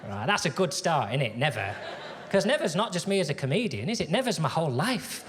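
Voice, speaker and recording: Wry, conversational stand-up comedian, male, on stage; audience noise clearly audible in a reverberant theatre. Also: on the high side, very animated, a little fast, a bit bright. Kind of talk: stand-up routine.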